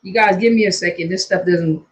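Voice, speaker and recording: A woman's voice: fairly low pitch, fairly quick. A woman counselor from Washington state chatting casually on a phone livestream from her hot home, greeting viewers by name in loose colloquial talk. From Washington state, USA. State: hot and sweaty.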